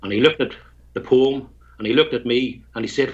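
A man's voice: medium pitch, a little fast, slightly rough, highs cut off. A man from Tyrone with a Northern Irish accent, a guest poet who tells stories and recites a rhymed poem, chuckling between lines. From Tyrone, Northern Ireland.

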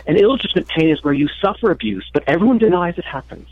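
A man's voice: sits high, animated, very fast, narrow, tinny audio. A man speaking earnestly as a guest on a radio talk show. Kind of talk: radio interview answers.

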